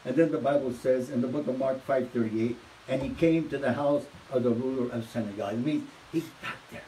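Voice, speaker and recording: Fervent preaching man, distant and hissy. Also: brisk. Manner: fervent preaching, swinging from low hushed storytelling to loud exhortation. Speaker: pastor. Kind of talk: sermon.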